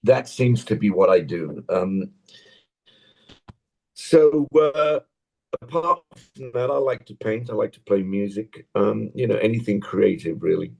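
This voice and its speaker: Older English actor, gravelly low husky voice, rambling anecdotes on a video call. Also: male voice, expressive, unhurried, dark tone. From England. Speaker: actor guest. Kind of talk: casual interview chat. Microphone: tablet on a video call.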